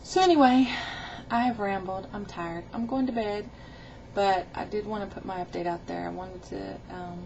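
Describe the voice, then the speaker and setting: A woman's voice: mid-range voice, moderate pace, vocal fry, lo-fi sound, background noise. A middle-aged woman recording a casual video diary about her weight loss, rambling and chatty as she tells a story with quoted dialogue.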